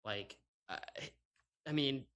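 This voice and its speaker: Speaking slowly in a sharp, mid-range voice, a man hosts a sports podcast on his own. His sarcastic, exasperated rant is often interrupted by laughs, and he's recorded through a microphone with a laptop and camera.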